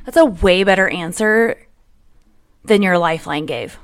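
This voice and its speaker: A woman in her thirties hosts a podcast, chatting casually, playfully teasing her guest and quick to laugh. Her voice is lowish, clear, and resonant, captured in studio quality with no room sound.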